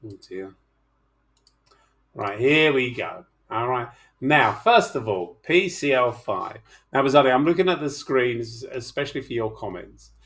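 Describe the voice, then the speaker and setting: A man's voice: medium pitch, expressive, measured pace, fairly bright tone. A middle-aged man teaching chemistry in an online class, talking through problems in a chatty, teasing way and coaxing his students to speak up.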